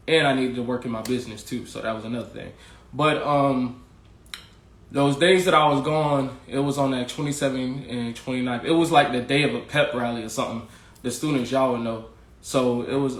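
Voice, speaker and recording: A man hosting a podcast, casually telling his own story, candid and slangy, swearing freely and talking straight to his viewers. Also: medium pitch. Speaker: podcast host, former teacher. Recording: echoey room with faint ambience.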